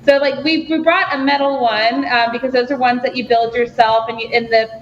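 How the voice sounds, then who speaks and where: Woman, radio guest, friendly explaining, slightly high voice, dull sound, faint noise. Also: steady tone, a little fast. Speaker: studio guest from a local store. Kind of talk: casual explanation on a radio show.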